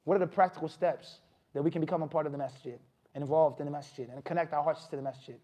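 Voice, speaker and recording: A man giving a mosque lecture, animated, often putting questions to the audience. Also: a little high, quick pace. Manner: animated, asks the audience questions, acts out scolding. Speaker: imam giving a talk.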